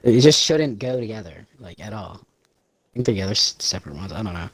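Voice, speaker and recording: A man's voice: on the low side, lively intonation, a little fast, a bit bright, breathy edge, no room sound. A man co-hosting a podcast in casual chat, rambling freely, swearing often and laughing a lot. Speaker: podcast co-host.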